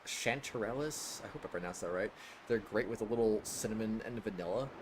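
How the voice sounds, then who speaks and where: A man's voice: lowish voice, fairly quick, noisy background. A man casually commenting while streaming a role-playing game, playful and chatting with viewers. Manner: playful, chatty, reacts to chat. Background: game music.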